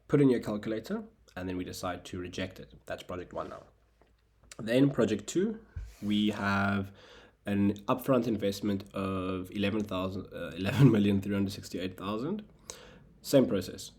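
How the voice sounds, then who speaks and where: A man's voice: low voice, a little mellow. A young South African man with a South African accent, tutoring through a recorded screen lesson. He explains each step in turn and drops in wry asides.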